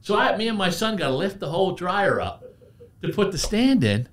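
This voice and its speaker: A man's voice: sits high, sing-song, moderate pace, slight background noise. A male guest on a podcast who represents a brand and tells casual, rambling anecdotes, often repeating words. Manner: storytelling, repeats words, chuckles at his own stories.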